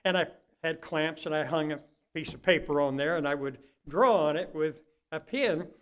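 An older man preaching a sermon, telling folksy stories and swinging from quiet asides to loud, impassioned peaks. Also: fairly high pitch, normal speed, clean tone.

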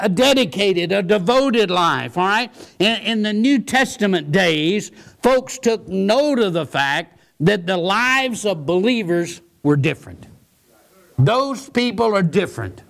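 A man's voice: sits high, gravelly. A man preaching a sermon, earnest and given to repeating his words. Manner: earnest, repeats words, quotes scripture and hymns.

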